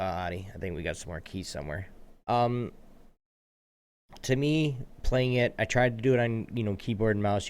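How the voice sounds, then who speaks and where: A man hosting a round-table gaming show, moderating loosely with many fillers. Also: on the low side. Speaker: host.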